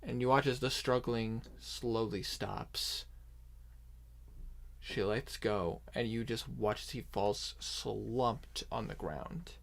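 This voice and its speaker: Slow, unhurried man running a tabletop game. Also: lowish voice, vocal fry. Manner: unhurried narration with many restarts and asides. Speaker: dungeon master. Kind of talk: narrating a tabletop game over voice chat.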